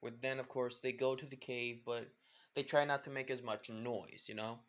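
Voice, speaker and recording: A man's voice: medium pitch, little pitch movement, normal speed. A man casually retelling a fan story, rambling with many fillers and losing track of names.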